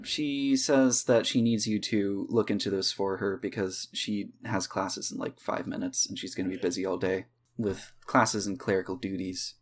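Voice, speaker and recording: A man's voice: on the low side, moderate pace, slight background noise. A man running a tabletop game as game master, narrating loosely with many fillers. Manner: relaxed, hesitant with fillers.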